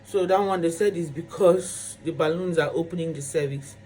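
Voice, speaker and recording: A woman's voice: lowish voice, moderate pace, warm tone, a little hiss or hum. A pregnant woman in a hospital room, tired while awaiting labor, chatting casually to camera and circling back to the same phrases. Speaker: vlogger.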